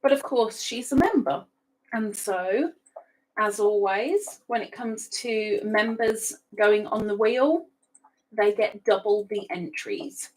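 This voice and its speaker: Woman, live-stream host, unhurried talk, chatty, repeats phrases, laughs often, home setup. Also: mid-range voice, low-quality recording. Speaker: livestream host. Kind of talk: casual live-stream chat.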